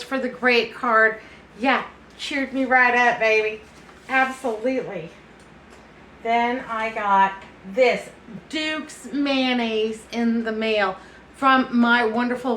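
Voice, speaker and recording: A woman's voice: on the high side, fairly bright tone, echoey room, slight background noise, rough recording. A middle-aged woman from the chatting casually to camera, affectionate and folksy, feeling a bit foggy and unsteady. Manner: chatty, affectionate, calls people honey and baby. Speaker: vlogger.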